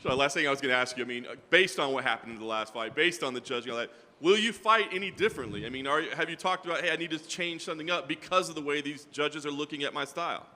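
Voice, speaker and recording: A man, a reporter, asking questions in a quick, slightly halting way. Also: fairly high pitch, pushed and bright, in a large hall. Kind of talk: interview questions.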